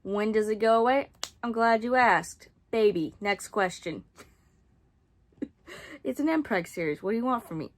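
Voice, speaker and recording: A woman's voice: fairly high pitch, a little slow, pauses often. A young adult woman reviewing a book series in casual chat, sarcastic and rambling, with frequent swearing and asides.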